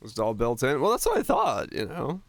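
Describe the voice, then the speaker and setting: Streaming from home, another young man rants casually and profanely while chatting with viewers, his gravelly medium-pitched voice swooping wildly up and down. He keeps a moderate pace, and the sound is close and dry with no echo.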